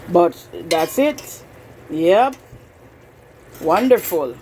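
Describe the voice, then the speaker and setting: A woman's voice: on the low side, expressive, drawn-out words, a little mellow, slight background noise, rough recording. Chatty woman demonstrating a recipe. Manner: chatty, talks straight to viewers and repeats herself. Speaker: cooking channel host. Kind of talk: casual cooking demonstration. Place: home kitchen.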